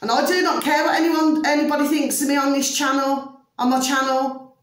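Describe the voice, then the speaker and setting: A woman's voice: high-pitched, flat delivery, a little fast, very echoey, recorded from a distance. A woman vlogger in an opinionated monologue, emphatic and ranting, forever asking her viewers if they see what she means. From United Kingdom.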